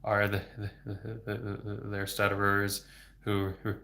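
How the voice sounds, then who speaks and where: Man, heavy stutter, repeated sounds and words, gravelly low voice, slow flat delivery, casual livestream answers. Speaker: livestream host and speech therapist.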